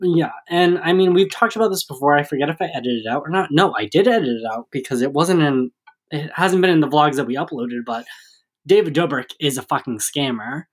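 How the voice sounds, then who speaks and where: A man's voice: a little high, brisk, breathy edge. A man co-hosting a podcast in casual chat over drinks, laid-back with blunt, sweary opinions. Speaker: podcast co-host.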